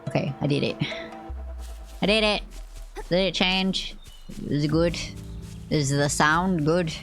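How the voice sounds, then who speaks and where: A young woman streams a game at her desk mic, her voice low for a woman. She rambles playfully, swears freely and jumps into high yelps when hit, with faint music playing behind her. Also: slow. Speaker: VTuber streamer. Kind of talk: casual gaming stream chat.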